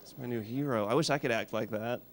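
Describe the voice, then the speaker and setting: Dry, deadpan man in his thirties. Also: medium pitch, quick pace, a little hiss or hum. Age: 30s. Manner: dry, deadpan delivery with restarts. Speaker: stand-up comedian. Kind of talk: stand-up comedy set. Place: music studio.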